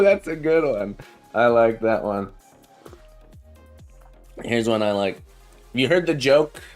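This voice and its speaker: A chatty male programming teacher running a casual live-coding stream, with a middle-range voice. He tells jokes and repeats his phrases as he talks. Faint background music plays under his voice. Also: medium pitch.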